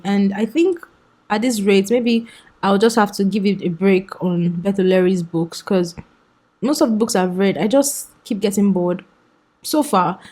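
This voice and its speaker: A woman's voice: mid-range voice, dark tone. A young woman chatting enthusiastically through a casual book review vlog, often laughing.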